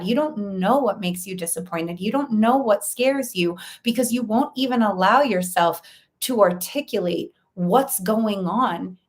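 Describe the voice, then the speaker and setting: A woman coach speaks straight to her viewers in an earnest, explanatory way, stacking her points one after another in steady lists. Her voice sits in a middle pitch, neither high nor low. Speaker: life coach. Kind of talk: direct-to-camera coaching talk.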